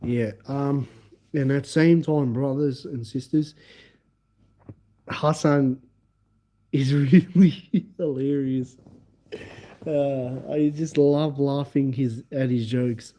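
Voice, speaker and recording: A man's voice: medium pitch, fairly even intonation, slow, pauses often, dark tone. A young man telling rambling stories on a casual live stream, laughing often and repeating the same filler words. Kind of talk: casual livestream storytelling.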